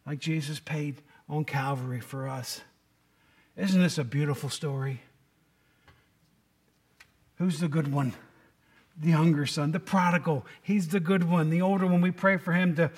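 A middle-aged man delivers a sermon with a notably high voice. He talks in a loose, conversational way and keeps turning to the congregation with questions. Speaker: pastor.

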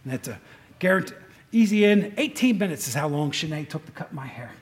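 A man preaches casually in a room with rain on the tin roof. His pitch is fairly high with big swings, his pace fairly quick, and he chats with the congregation through questions while often restarting what he's saying.

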